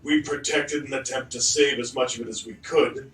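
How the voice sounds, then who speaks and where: Bright-voiced man playing a tabletop game. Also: mid-range voice, fairly even intonation, normal speed, a little hiss or hum. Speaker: player. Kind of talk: in-character tabletop role-play. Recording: echoey room, distant mic.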